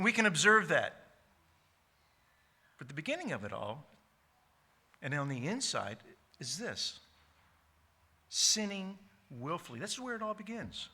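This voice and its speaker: A man preaching a sermon as pastor, emphatic, slowing down to stress key words, with frequent restarts. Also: high-pitched, sharp tone. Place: church sanctuary.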